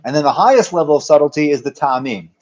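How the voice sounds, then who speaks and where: A man's voice: a little high, lively intonation, fast talker, a little mellow, dull audio. A man teaching a Torah class as a rabbi, talking his ideas through with frequent restarts and Hebrew terms. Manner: discursive, many restarts, uses Hebrew terms.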